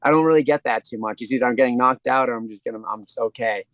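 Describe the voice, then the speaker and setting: A man's voice: mid-range voice, very fast, a bit bright, dry recording. A man, a professional fighter, answering interview questions in a rambling, earnest way. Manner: rambling, earnest, restarts sentences. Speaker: interview guest, pro fighter.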